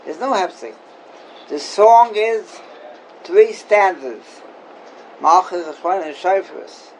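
A man's voice: sits high, lively intonation, takes it slowly, a little hiss or hum, rough recording. A man teaching an informal Torah class as a rabbi, questioning and emphatic, repeating his key points.

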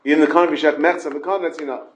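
A man's voice: fairly high pitch, steady tone, very fast, rough recording. Man teaching Talmud in Yeshiva English. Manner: mixes Hebrew and Yiddish terms into English, questioning students. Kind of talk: informal Talmud class.

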